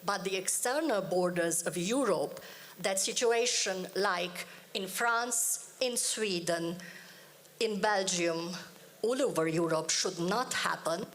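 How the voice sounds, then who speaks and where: Slow, emphatic woman on a panel. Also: medium pitch, a bit bright. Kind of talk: conference panel speech.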